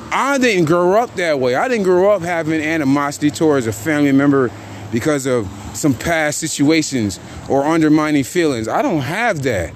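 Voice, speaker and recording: A man rants on his own podcast, animated and profane, heavy with street slang. His voice rides a touch higher than most men's. He seems to be outdoors, with faint traffic noise behind him. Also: normal speed. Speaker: podcast host. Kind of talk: casual rant.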